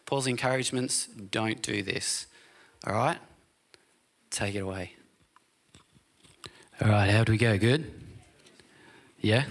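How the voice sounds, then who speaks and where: Bright-voiced pastor preaching casually. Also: male voice, medium pitch. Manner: casual, keeps checking in with "all right?" and "okay?". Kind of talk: sermon. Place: church service.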